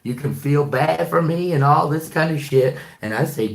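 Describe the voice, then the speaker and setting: A man's voice: fairly high pitch, moderate pace, vocal fry, hardly any pauses. A man who drives trucks, talking in a rambling, profane monologue full of fillers and restarts. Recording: echoey room.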